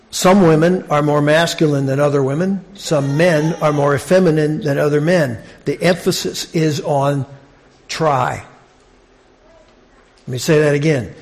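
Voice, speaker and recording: A man preaching a sermon in a conversational, halting way, often restarting his sentences. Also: fairly high pitch, darkish tone. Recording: long reverb of a large hall.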